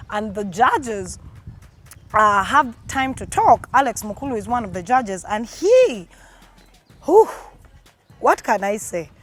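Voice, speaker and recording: Indignant young Ugandan woman ranting. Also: on the high side. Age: young adult. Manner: indignant, sarcastic, emphatic. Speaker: vlogger. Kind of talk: opinion rant to camera.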